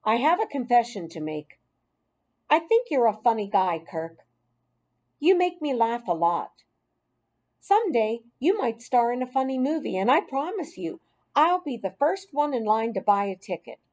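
A woman voicing a firm but kind schoolteacher in an audiobook, speaking in a measured, stern way. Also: fairly high pitch, very animated, darkish tone, highs cut off, pitched above the performer's own voice. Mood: gentle firm. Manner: measured and stern, with teacherly emphasis. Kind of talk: audiobook character voice.

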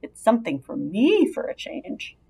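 A woman voicing a calm, kind female spider, speaking softly and measuredly in a storybook reading. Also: mid-range voice, vocal fry, slightly rough, exaggerated voice. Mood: tender. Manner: soft, measured, soothing.

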